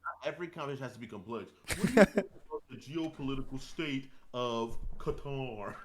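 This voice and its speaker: A man's voice: mid-range voice, expressive, a little fast, a little hiss or hum. A man chatting casually on a game stream, teasing and sarcastic. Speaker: co-player. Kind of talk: casual gaming-stream chat.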